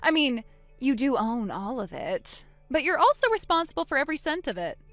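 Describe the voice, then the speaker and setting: A woman voicing a wronged older sister in a dramatized text-message story, speaking quietly and deliberately. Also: high-pitched, sing-song, no room sound, soft background music, heavily acted. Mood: cold.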